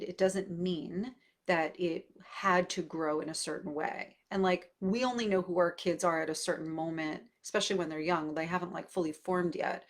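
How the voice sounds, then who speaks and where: A middle-aged woman, a parenting coach, talking casually and thoughtfully, with fillers and restarts, as she answers a question. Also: lowish voice. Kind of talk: casual advice talk answering viewer questions.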